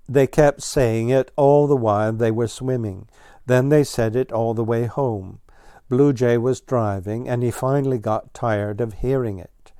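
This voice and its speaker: Male narrator, storybook read-aloud, gentle and even, slow pace, dark tone, dry close sound. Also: mid-range voice, clean tone, dry recording.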